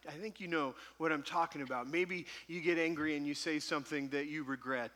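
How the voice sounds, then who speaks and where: A man delivers a sermon with a bright, forceful voice that sits a little high. He tells stories with an animated, self-deprecating humor. The sound carries a long hall reverb. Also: a little fast, hardly any pauses. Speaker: pastor.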